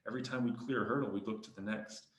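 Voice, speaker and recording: A man's voice: fairly low pitch, fairly even intonation, racing, reverberant. A man co-hosting a podcast, chatting candidly and reflectively about his startup's early years. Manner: candid, reflective, laughs often. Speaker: podcast co-host, startup co-founder. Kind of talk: casual chat.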